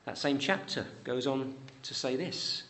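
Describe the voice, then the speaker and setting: A man preaching a sermon in a church. He rises high on pleading questions and drops low and soft on promises. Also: a little slow.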